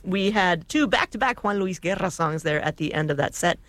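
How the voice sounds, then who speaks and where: Chatty radio co-host, dry sound. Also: female voice, on the low side, animated, a little fast, a bit bright, no room sound. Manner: chatty, laughing, with many fillers. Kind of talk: casual radio chat.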